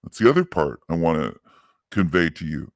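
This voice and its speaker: A man giving a reflective, measured commentary monologue in an earnest, explaining tone. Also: a bass voice, sing-song, vocal fry, no echo, studio quality.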